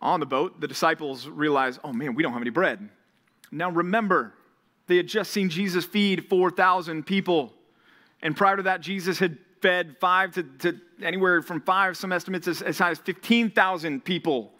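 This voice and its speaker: A young man preaches to a college ministry in an easy, conversational way. His voice is bright and sits a little high. He builds to animated emphasis when reading the words of Jesus. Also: moderate pace. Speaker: pastor. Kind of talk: sermon. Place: church or ministry hall.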